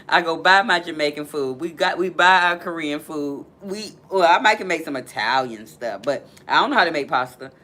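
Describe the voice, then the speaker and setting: A chatty woman hosting a live stream from her laptop, with a bright, forceful voice. She chats casually through viewer comments and laughs often. Her pitch leaps high when something tickles her. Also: very animated, moderate pace.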